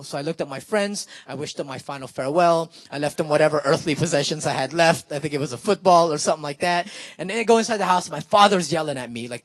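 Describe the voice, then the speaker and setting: A young man telling a comic story to an audience, animated and chatty, often checking in with "right?". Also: on the high side, fast, hardly any pauses, no room sound. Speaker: spoken word performer.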